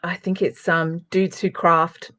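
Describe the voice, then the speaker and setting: A woman's voice: on the low side, little pitch movement, slow, a bit bright, no echo. An Australian woman talking as a guest in a casual interview, chatty and upbeat, giving emphatic advice. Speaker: guest, craft presenter.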